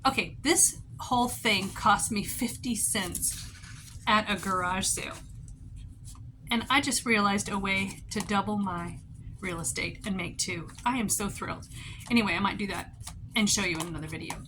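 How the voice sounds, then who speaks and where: A woman in her fifties talks through a homemade craft project in a loose show-and-tell way. Her voice is bright and forward, and she rambles cheerfully, breaking into sudden excitement. Her pitch sits in the middle, and a faint hiss of room noise runs underneath. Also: normal speed. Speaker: craft vlogger. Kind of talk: casual show-and-tell tutorial.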